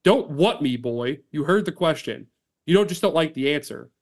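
A man's voice: on the high side, animated, normal speed, natural voice. A man reading as a growling, furious country singer. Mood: angry. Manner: growling, shouting. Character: angry older male country singer, confrontational.

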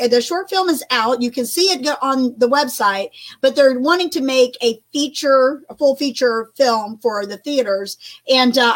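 An older woman with a high voice co-hosts a Christian talk broadcast. She talks emphatically and animatedly, often restarting her sentences. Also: fairly bright tone. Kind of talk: casual faith talk chat.

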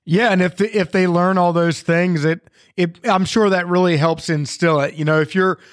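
A man's voice: high voice, moderate pace, no room sound, studio quality. A man hosting a podcast, chatting casually with lots of fillers and restarts as he shares views and asks questions. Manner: relaxed, filler-heavy, rambling. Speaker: podcast host. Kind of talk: casual interview chat.

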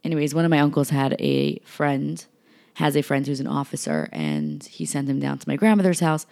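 A young woman from New York telling a personal story in an animated way, full of fillers and acted-out quotes. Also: a bass voice, moderate pace, vocal fry. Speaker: vlogger.

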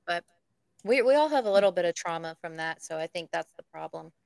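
A woman's voice: fairly low pitch, expressive, brisk, vocal fry, darkish tone, clear, resonant tone, no room sound. A woman co-hosting a casual live podcast, chatty and self-deprecating as she announces winners. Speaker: podcast co-host.

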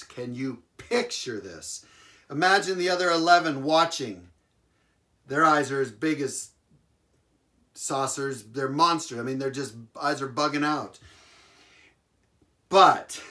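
During a sermon, a male preacher with a middle-pitched voice tells a Bible story. He's animated, repeats key phrases for emphasis and chuckles now and then.

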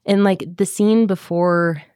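A woman's voice: mid-range voice, fairly even intonation, measured pace, darkish tone, clean tone, dry recording, clean studio sound. A woman co-hosting a book podcast, talking in a chatty, filler-heavy way as she retells scenes. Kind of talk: casual book club chat.

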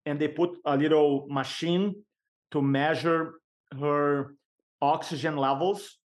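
Animated man telling a story. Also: fairly high pitch. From Brazil. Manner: animated, emphatic storyteller with vivid pauses. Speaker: podcast guest. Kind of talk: personal storytelling.

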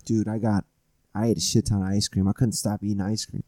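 A man's voice: lowish voice, level tone, brisk, warm tone, dry recording. Easygoing young man joking on a podcast. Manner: laid-back, jokey, laughs at himself. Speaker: podcast co-host. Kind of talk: casual comedic chat.

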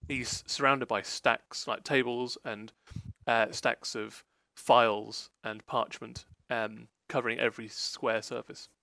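A man's voice: mid-range voice, flat delivery, slow, gravelly, few pauses, pushed and bright, no room sound. A man narrating a tabletop role-play game as game master, rambling with lots of fillers.

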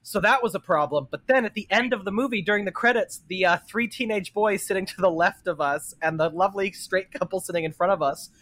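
A man co-hosting a podcast, telling animated stories in casual chat and swearing freely. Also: high voice, fairly quick, hardly any pauses. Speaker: podcast co-host.

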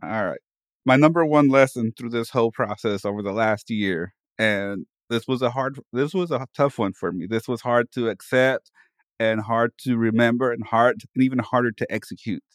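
A man of middle pitch co-hosts a podcast, chatting casually and turning animated when he gets going, repeating phrases to hype himself up. He is recorded close on a studio mic with a dry, roomless sound. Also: normal speed, no echo. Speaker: podcast co-host. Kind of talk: casual chat. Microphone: studio microphone.

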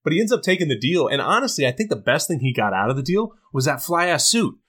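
A man's voice: fairly high pitch, big pitch swings, quick pace, a bit bright. A man co-hosting a podcast, chatting casually about a film with wry, profane asides. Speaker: podcast co-host.

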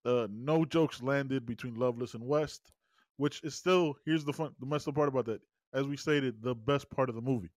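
A man co-hosting a laid-back film podcast, pitched in the middle for a man. He chimes in with quick agreement and dry, deadpan jokes. His sound is close and dry. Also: no room sound. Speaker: podcast co-host. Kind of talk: casual movie review chat.

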